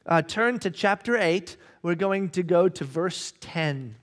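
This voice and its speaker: A man preaching a sermon, reading scripture and shouting acted-out quotes with animated energy. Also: sits high, a little slow. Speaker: pastor.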